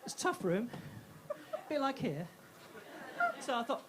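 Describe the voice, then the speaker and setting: A woman's voice: a little high, sing-song, measured pace. A woman comedian with a posh-sounding voice doing a live stand-up set, self-mocking, swearing freely, stumbling over and repeating words. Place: comedy club stage. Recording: live club recording with crowd noise. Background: audience laughing.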